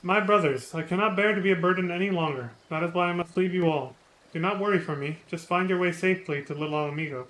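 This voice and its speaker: A man's voice: sits high, fast talker, a bit bright, low-quality recording. A man reading the lines of a wounded, self-sacrificing male soldier from a game, earnest and solemn. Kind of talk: reading game dialogue aloud.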